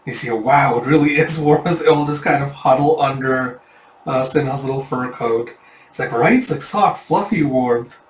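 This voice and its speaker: A man's voice: medium pitch, moderate pace, a little hiss or hum. Rambling man narrating a manga. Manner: rambling, self-deprecating, filler-heavy. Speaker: manga reader. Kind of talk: casual read-through narration. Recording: echoey room, distant mic.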